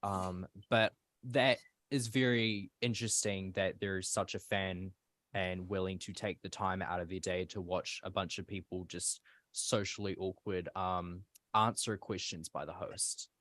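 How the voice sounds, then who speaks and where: A man's voice: low-pitched, steady tone, a little slow, fairly bright tone, dry recording. A man on a casual panel, chatty and playful, going on mock rants. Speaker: panelist assessing new cast.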